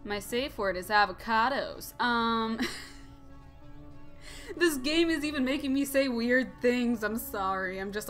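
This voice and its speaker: A woman's voice: mid-range voice, a bit bright. Young woman doing a let's play, giggly rambly jokes, mid voice, bit of music under. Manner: giggly, joking, rambling asides. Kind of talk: casual gameplay commentary.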